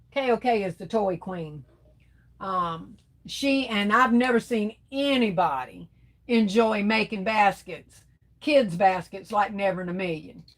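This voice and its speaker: A middle-aged woman, chatting casually on a livestream and reading viewer comments aloud, laughing often and calling people baby and girl. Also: mid-range voice. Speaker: livestream host.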